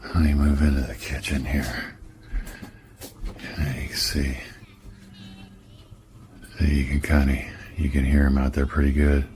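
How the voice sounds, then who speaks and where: Man whispering low in a house. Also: little pitch movement, measured pace, pauses often, soft background music. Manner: whispering, hushed and uneasy. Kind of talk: hushed home video. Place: home indoors.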